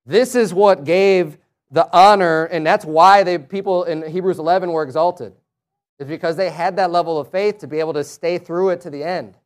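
A man's voice: high voice, normal speed. A man preaching a sermon, reading scripture aloud and rising to emphatic, raised passages.

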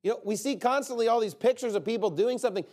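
A man preaching a sermon in a conversational, emphatic way, often checking in with "okay?" and swinging from quiet asides to loud bursts. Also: rapid-fire. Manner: swings from low, quiet asides to loud, high-pitched outbursts.

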